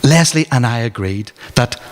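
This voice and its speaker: Reading his memoir aloud in a reverberant arts centre hall at his book launch, a man with a Northern Irish accent tells his stories in a dry, wry way. His voice is mid-range and animated, at normal speed.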